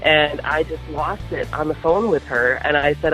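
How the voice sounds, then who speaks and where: A woman's voice: sits low, moderate pace, fairly bright tone, faint music behind, rough recording. A woman, a podcast guest, telling a personal story in an earnest, heartfelt way. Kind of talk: personal story in an interview clip.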